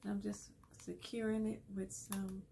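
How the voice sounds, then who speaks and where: A woman's voice: medium pitch, level tone, measured pace, creaky, mellow, slight background noise. A woman hosting a casual craft tutorial, chatty and laughing often as she explains each step while she works. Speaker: craft video host.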